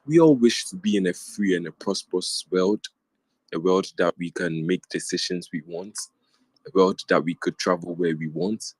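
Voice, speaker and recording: A man's voice: low-pitched, normal speed, husky, dry recording. A young man from Africa, a student speaking in an online audio room, worked up and repeating his points with many ums. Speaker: Twitter Space speaker. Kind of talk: impassioned casual talk. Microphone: phone or headset in an online audio room.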